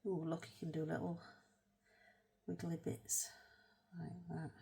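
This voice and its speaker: Woman, low voice, slow, chatty, rambling, self-mocking, soft murmuring, art video host. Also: level tone, vocal fry, slightly rough. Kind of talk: casual colour-with-me chat.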